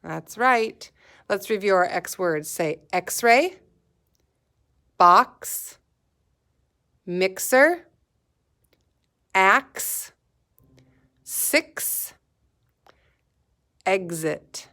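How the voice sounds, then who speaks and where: Slow, patient kindergarten teacher woman. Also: medium pitch, animated, bright, forceful tone. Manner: slow, clearly enunciated letter sounds, encouraging. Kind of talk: phonics lesson for young children.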